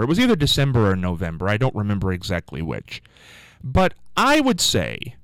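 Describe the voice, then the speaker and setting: A male radio host spins a long, self-deprecating story in a chatty, rambling way, his pitch swinging widely from line to line. His voice is smooth and resonant. It sounds dry and close, straight off a studio microphone. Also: fairly bright tone, no room sound. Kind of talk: casual on-air storytelling.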